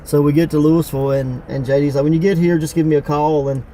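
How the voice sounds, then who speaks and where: A man's voice: on the high side, steady tone, fast talker, dark tone, a little hiss or hum, low-quality recording. A man with a Mississippi Southern accent, hosting a casual wrestling podcast from a parked car, easygoing and laughing often. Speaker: podcast host, wrestling promoter. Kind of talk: casual chat.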